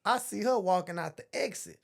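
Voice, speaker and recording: A man's voice: sits high, a little fast, vocal fry. A man in casual conversation, telling a childhood story with lots of laughter.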